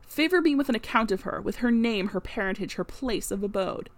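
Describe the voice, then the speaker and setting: A woman reading the part of a stern, curt gentleman of the manor in an audiobook. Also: mid-range voice, animated, a little fast, natural voice. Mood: demanding. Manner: curt and commanding. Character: stern gruff man of the manor.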